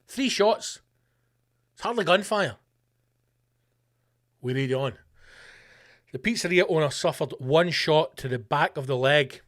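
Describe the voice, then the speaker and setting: Scottish podcast host ranting, sweary and sarcastic, kinda high voice. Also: male voice, lively intonation, a little slow, pauses often, a bit bright. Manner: profane, sarcastic, mocking. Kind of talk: comedic ranting monologue.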